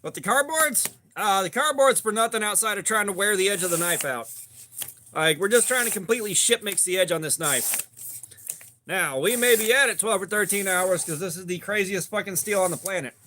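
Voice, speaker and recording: A man's voice: sits high, brisk, sharp tone. A man in his forties with a Southern US accent, casually chatting on a livestream, upbeat and swearing freely as he greets viewers by name. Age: 40s. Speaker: livestream host. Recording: faint background noise and clicks.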